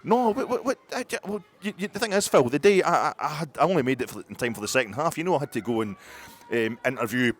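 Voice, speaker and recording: A man's voice: animated, fast. A Scottish man voicing a chatty middle-aged Belgian football man on the phone, pally and rambling in a raised voice. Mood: indignant. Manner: pally, rambling, high put-on voice.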